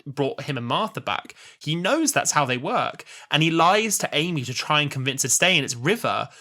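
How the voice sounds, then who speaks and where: Bright-voiced young man chatting. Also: a little high, normal speed. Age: 20s. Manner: animated retelling of scenes. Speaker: podcast co-host. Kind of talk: casual chat.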